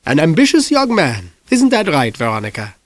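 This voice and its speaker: A man's voice: fairly high pitch, huge pitch swings, normal speed, dry recording, voice pushed up. A man reading an audiobook, voicing a sleepy, genteel doctor with a drawling manner.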